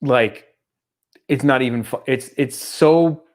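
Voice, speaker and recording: A man's voice: medium pitch, takes it slowly. Chatty middle-aged man co-hosting a podcast. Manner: animated storyteller, slips into mock accents. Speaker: podcast co-host. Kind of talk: casual chat.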